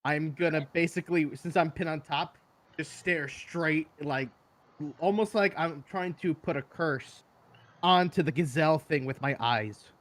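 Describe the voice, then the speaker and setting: A man playing a tabletop game, describing his character's moves in halting bursts with many restarts. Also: a little high, a bit bright. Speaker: player.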